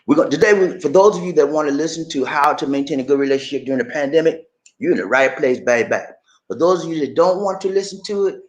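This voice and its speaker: A man's voice: on the high side, echoey room. A man hosting a relationship-advice video, talking in a casual, preachy, playfully pleading way. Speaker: relationship vlogger.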